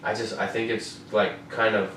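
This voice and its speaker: Talking at a moderate pace in a lowish, fairly bright voice with a level tone, a man hosts a relaxed podcast about recent fights. He swears often and keeps asking "you know what I mean?" The recording comes from an air-conditioned room at home, roomy and distant, with faint noise.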